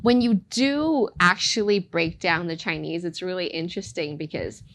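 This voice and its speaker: A woman teaching a casual language lesson, playful, modeling phrases slowly and clearly. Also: fairly low pitch, fairly bright tone, a little hiss or hum.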